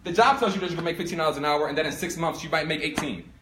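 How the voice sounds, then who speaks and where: Animated young man, echoey room. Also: on the high side, very fast, a little hiss or hum. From Philadelphia. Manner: animated, acts out both sides of the story. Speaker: speaker giving a talk on income. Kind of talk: storytelling talk to a live audience. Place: room with an audience.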